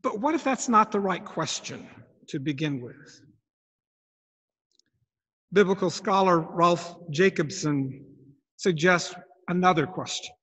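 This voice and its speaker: A man's voice: high-pitched, expressive, takes it slowly, pauses often, fairly bright tone. A man preaching a sermon in a reflective manner, asking his listeners many questions. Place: church. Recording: long church reverb.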